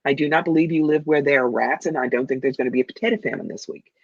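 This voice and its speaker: A woman's voice: rumbling low, rapid-fire, darkish tone, breathy edge, dry recording. Confident woman psychic on a dull call. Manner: confident, calls people darling and honey. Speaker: psychic medium guest. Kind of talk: giving psychic readings on a livestream.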